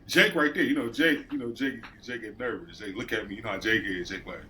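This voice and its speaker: A man's voice: on the low side, normal speed, sharp tone, a little hiss or hum. A man in his late thirties telling work stories in casual podcast chat, swearing freely and acting out coworkers. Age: late 30s. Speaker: podcast co-host.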